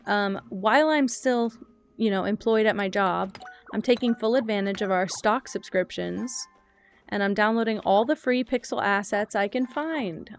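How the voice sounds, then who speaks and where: A young woman chatting casually while streaming a cozy game, rambling, thinking aloud and answering chat. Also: mid-range voice.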